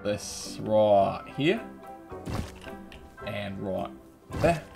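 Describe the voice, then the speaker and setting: A young British man giving cheeky gameplay commentary, laughing often and breaking into loud taunting yells. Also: fairly low pitch, animated, extremely slow, creaky, music in the background. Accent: British English. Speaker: gaming YouTuber.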